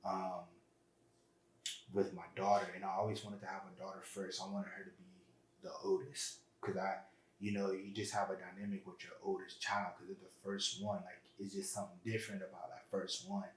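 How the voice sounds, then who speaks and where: Deep, flat-voiced man in a roomy echo. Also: moderate pace, slight background noise. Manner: earnest, heartfelt storytelling. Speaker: podcast guest. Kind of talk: casual interview chat. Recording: roomy, echoey room.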